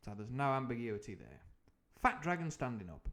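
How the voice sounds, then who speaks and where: A man's voice: medium pitch, big pitch swings, brisk, a bit bright. A man reading a novel aloud on a live stream, who often breaks off into rambling, jokey tangents full of ums and uhs. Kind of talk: live book reading with comic asides.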